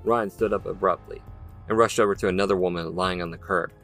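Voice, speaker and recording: A man giving a measured, dramatic scripted narration of a story. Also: sits low, fairly even intonation, fairly bright tone, faint music behind. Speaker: audiobook narrator.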